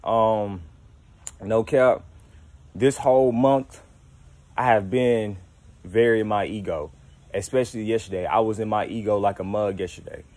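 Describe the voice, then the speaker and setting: A man's voice: on the low side, unhurried, long pauses, darkish tone, no echo. A young man talking casually and candidly to his viewers at home, slangy and rambling with frequent restarts. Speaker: YouTuber. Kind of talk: casual spiritual monologue to camera.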